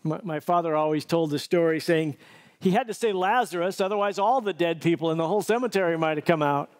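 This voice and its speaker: Earnest storytelling male pastor, slightly high. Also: fast. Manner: storytelling, vivid and earnest, with self-corrections. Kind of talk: sermon.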